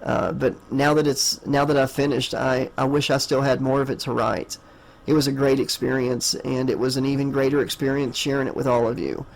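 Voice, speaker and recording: A man at an ordinary middle pitch talks off the cuff about writing his book. He rambles, circles back on himself with plenty of ums and uhs, and thanks his listeners warmly. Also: flat delivery, a little fast, creaky, low-quality recording. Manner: rambling, lots of fillers, warm thanks. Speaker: audiobook narrator and author. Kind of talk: casual afterword talk to listeners.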